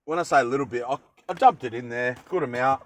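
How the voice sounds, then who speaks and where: A man's voice: medium pitch, fast talker, a bit bright, rough recording. A young Australian man chatting casually while cooking in a van, rambling with jokey asides. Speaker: cooking vlogger. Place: van kitchen.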